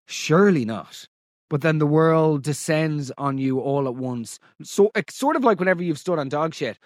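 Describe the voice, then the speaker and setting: An Irish man hosting a podcast, mocking listener stories in comic commentary with big theatrical swings in pitch. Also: animated, moderate pace, darkish tone, dry recording, studio quality. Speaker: podcast host.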